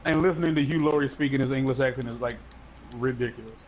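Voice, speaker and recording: A man's voice: mid-range voice, quick pace, dull audio, a little hiss or hum. A man co-hosting a casual chat, rambling and joking with many fillers. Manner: rambling, filler-heavy, jokey. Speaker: podcast co-host.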